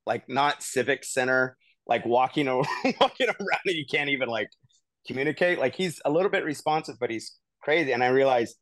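A man co-hosting a podcast, telling a long personal story in a casual, animated way full of "like" and "you know.". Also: mid-range voice, normal speed, no echo. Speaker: podcast co-host.

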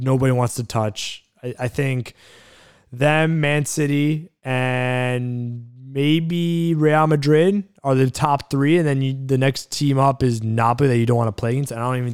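Smooth-voiced man musing in casual chat. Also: mid-range voice. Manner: thinking aloud, restarts, searching for words. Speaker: podcast co-host.

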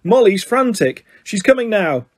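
An excitable middle-aged wizard father from a storybook, quick to delight and to indignation, as a man reads him. The voice rides high and husky. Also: dry recording, clean studio sound.

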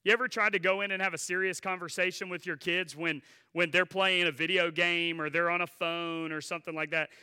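A man's voice: high voice, fairly even intonation, brisk, few pauses, sharp tone, smooth. A male pastor delivering a sermon, moving between earnest preaching and chatty, humorous asides to the congregation.

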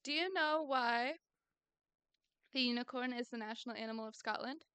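A woman's voice: fairly high pitch, normal speed, sharp tone, clean tone, dry recording. A woman co-hosting a podcast in casual chat, playful and giggly, teasing her co-host.

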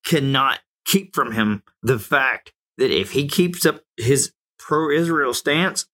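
A man's voice: medium pitch, slow, sharp tone. A man in his forties from the United States, giving an emphatic, opinionated monologue that rises to heated outbursts. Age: 40s.

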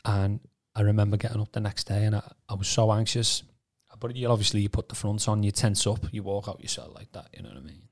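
A man from Birkenhead, telling his testimony on a podcast in a casual, animated way with stammering repeats. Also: lowish voice, fast, few pauses. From Birkenhead, England. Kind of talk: casual storytelling.

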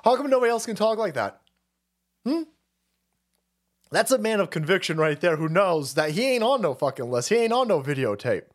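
Guy ranting on his stream, swears a lot, heated, voice a bit on the high side. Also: big pitch swings, brisk, pauses often. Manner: heated, profane, repetitive. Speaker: livestream host. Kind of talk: profane political rant.

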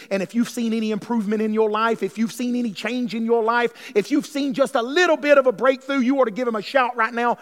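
A male pastor, preaching with fervour, calling out to his congregation and swinging from hushed lines to shouts. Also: high voice. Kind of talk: sermon. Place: church sanctuary. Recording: long hall reverb.

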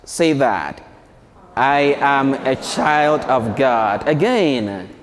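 A priest speaks to schoolchildren in a large church, his voice carried by a long reverb. He talks slowly and gently, with a lively, swinging pitch, and leads the children in call-and-response. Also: background noise. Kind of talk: homily to schoolchildren.

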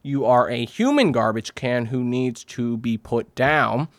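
A man's voice: mid-range voice, a little slow, no echo. A man hosting a comedy podcast alone, telling a rambling, profane story in a crude and exaggerated way. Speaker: podcast host.

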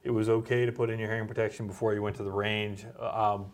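A man, a doctor co-hosting a casual medical chat, talking in a relaxed, halting way with many fillers. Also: on the low side. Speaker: doctor and co-host.

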